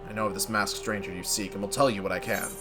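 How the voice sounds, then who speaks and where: A man voicing a weary older male elder, speaking in a grave, measured, old-fashioned way. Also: fairly low pitch, steady tone, over music, natural voice. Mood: stern then relieved. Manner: grave, measured, archaic speech.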